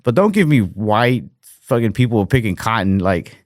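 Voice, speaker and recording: Man, young adult, low voice, rambling casual podcast chat, dry close sound. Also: sing-song, normal speed, no echo. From United States. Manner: rambling, heavy on fillers like "like" and "fucking". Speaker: podcast co-host.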